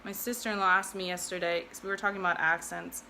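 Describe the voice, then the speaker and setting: A woman's voice: fairly low pitch, fairly even intonation, fast, vocal fry, pushed and bright, slight background noise. A woman hosting a casual sewing tutorial, chatting and thinking aloud with self-deprecating asides. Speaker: sewing video host.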